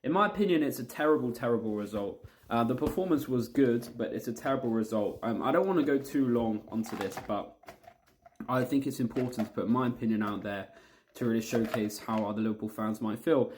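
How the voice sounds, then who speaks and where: A man's voice: medium pitch, brisk, a little mellow, a little hiss or hum. A man giving a heated, blunt football match review as a fan vlogger, repeating himself and swearing.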